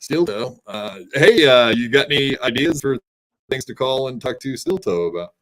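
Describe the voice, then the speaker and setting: A man's voice: medium pitch, animated, normal speed. A man co-hosting a podcast, rambling through crude casual chat with lots of filler words.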